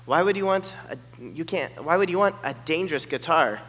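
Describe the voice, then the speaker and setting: A man voicing a soft-spoken young woman student who interprets for him, speaking in a hushed, matter-of-fact way. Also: a little high, lively intonation, brisk, husky. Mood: hushed, earnest. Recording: long hall reverb.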